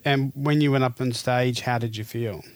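A man telling a documentary story in measured, scripted narration and asking interview questions. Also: mid-range voice, steady tone, no echo.

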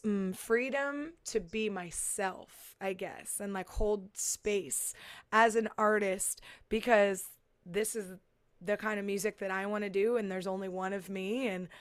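A woman's voice: medium pitch, fairly even intonation, measured pace, smooth, no room sound. Chatty woman, dry close sound. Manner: chatty, many fillers and restarts. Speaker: musician and podcast guest. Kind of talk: casual chat. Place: San Diego.

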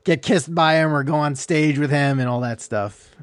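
A man hosting a casual interview who talks in a halting, hesitant way with many restarts. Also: a little high, no room sound. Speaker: host.

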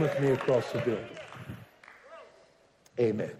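A man preaching a sermon to a congregation, building from slow, deliberate lines up to shouted declarations. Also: a little high, animated, crowd noise. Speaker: pastor. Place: large church hall. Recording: echoey hall from far off.

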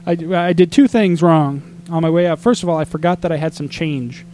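A man from Arizona with a slightly raised voice tells a rambling travel story in relaxed podcast chat. He gets animated and exasperated, jumping into mock quotes of other people. A faint hum runs under the recording. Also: on the high side, brisk.

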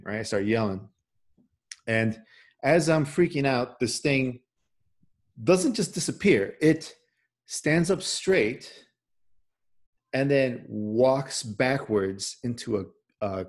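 A man hosting a podcast, telling a personal story in a casual, animated way, full of restarts and "right?". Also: medium pitch. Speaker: podcast host.

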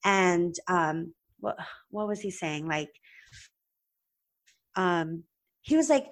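Lowish-voiced woman on a podcast mic, chatty and animated, lots of "like"s. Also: slow pace, long pauses. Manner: animated, retells a phone call with lively quoted voices; chatty, many "like"s and restarts. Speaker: podcast host and practice owner. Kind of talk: casual podcast storytelling. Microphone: podcast microphone.

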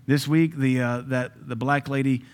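A man preaching a sermon in an emphatic, conversational way, with asides to his listeners and sudden loud rises. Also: medium pitch, fairly even intonation, normal speed. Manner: jokes and asides to the audience.

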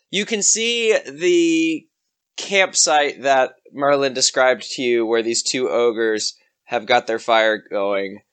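A game master narrating a tabletop game in a relaxed, easygoing way, laughing easily. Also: medium pitch, smooth.

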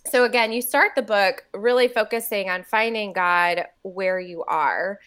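Female podcast host, mid pitch, eager and affirming, loose casual phrasing. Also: measured pace, a bit bright, clean tone. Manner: enthusiastic, affirming, many fillers. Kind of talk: casual interview.

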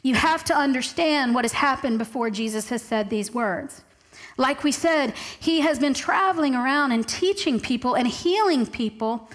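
A woman preaching a sermon, reading scripture aloud and slowing down to stress key words. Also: sits high. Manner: reads scripture aloud, slows down for emphasis.

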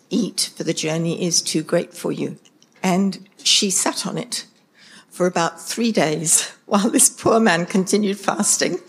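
A woman from England in a church group, chatting warmly through a story and laughing easily. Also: medium pitch, breathy edge. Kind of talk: telling an anecdote.

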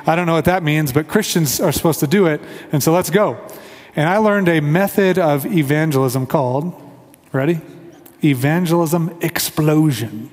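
Heard in a large hall, a man with a high-side, slightly mellow voice speaks at a moderate pace. He is a Kansas City-area pastor preaching a conversational sermon and leading prayer in a church sanctuary, earnestly acting out quoted voices.

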